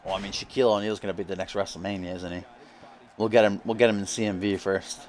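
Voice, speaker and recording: A man with a fairly low voice calls wrestling game matches in a loose, joking way. He swears freely and a light hiss of background noise sits under his voice. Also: little pitch movement, fast. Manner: joking, profane, laughs often. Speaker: host and commentator. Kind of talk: casual let's-play wrestling commentary.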